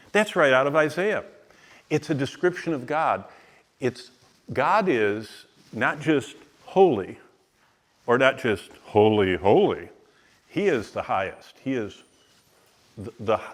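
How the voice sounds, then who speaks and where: Guy teaching bible to a crowd, punches key words, asks the audience stuff. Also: mid-range voice. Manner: animated, stresses single words, asks the audience questions. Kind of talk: teaching sermon. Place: room with a live audience.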